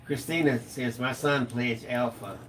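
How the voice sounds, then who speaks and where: A middle-aged man co-hosting a live stream, telling stories in a lively, animated way. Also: mid-range voice, a little slow, slight background noise. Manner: animated storyteller, acts out quotes. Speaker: co-host of a live craft stream. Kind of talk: casual storytelling chat.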